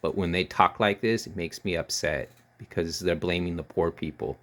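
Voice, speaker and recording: A man's voice: low voice, normal speed, a bit bright. A man giving heated, scornful political commentary, ranting and repeating himself.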